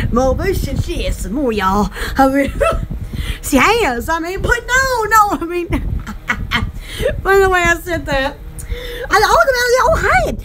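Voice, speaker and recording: Very high-voiced giggly rambling woman. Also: fairly bright tone, a little hiss or hum. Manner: rambling, giggly, many fillers; folksy rural slang. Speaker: channel host and small shop owner. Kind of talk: casual livestream chat with viewers.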